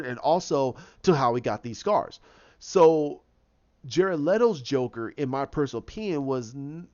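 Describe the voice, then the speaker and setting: With a mid-range, slightly mellow voice, a man offers casual opinions as a video host. His delivery rambles with many restarts and acted-out quotes, and the recording is dull lo-fi.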